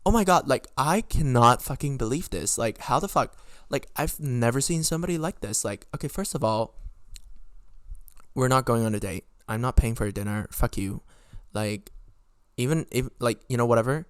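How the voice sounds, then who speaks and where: A young man, a student, telling a storytime rant to his own camera, swearing a lot and rambling with fillers in a frustrated, animated way. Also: medium pitch, moderate pace, clear, resonant tone, no echo, studio quality. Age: young adult. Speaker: podcast host. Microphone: own camera recording.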